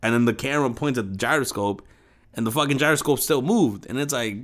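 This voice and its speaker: A man's voice: fairly high pitch, a little fast, fairly bright tone. A young man casually retelling a film in a rant, swearing often, using slang and mimicking the people in it.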